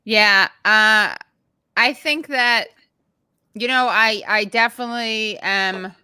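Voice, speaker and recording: A woman's voice: medium pitch, takes it slowly, pushed and bright, smooth, no room sound. A woman hosting a political show over a video call, speaking in a hesitant, searching way. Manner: hesitant, many fillers and restarts. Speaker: podcast host. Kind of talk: casual political chat.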